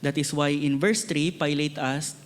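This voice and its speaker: A Filipino-accented man preaching an earnest sermon, his voice sitting a bit higher than most men's. He repeats key words to drive them home. A long reverb from the church hall trails behind each phrase. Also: fairly even intonation, normal speed. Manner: earnest preaching, switching between English and Tagalog, repeating words for emphasis. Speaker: pastor.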